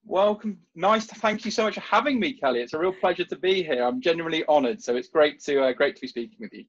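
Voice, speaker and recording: Husky man with Midlands accent. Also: a little high, animated, fast. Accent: English Midlands. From English Midlands. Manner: friendly, repeats words when starting sentences. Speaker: podcast guest, recruiter and entrepreneur. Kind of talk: casual podcast interview. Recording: slightly dull, lo-fi remote audio.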